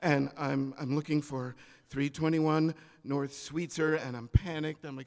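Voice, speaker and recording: A man telling a story on stage at a live event, animated and comic, acting out the people in it. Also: on the high side, moderate pace, long reverb tail. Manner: animated, comic, acts out quoted voices.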